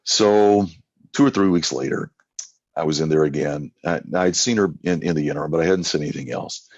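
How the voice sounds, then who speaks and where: A man's voice: very deep voice, steady tone, a little fast, darkish tone, slightly rough, no echo. A male evangelist telling folksy stories in an interview, often acting out what people said. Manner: folksy anecdotes with acted-out quotes. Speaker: evangelist guest. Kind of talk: storytelling in a podcast interview. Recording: dull lo-fi sound.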